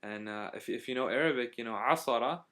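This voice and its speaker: A young Syrian vlogger narrates a casual spoken travel diary, rambling and hesitating, full of fillers and restarts. He talks fast in a medium-pitched, fairly bright voice.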